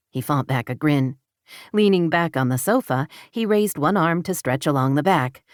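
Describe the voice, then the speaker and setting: A woman narrating an audiobook romance in a steady, even storytelling manner. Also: deep voice, normal speed, no echo, studio quality. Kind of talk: scripted narration.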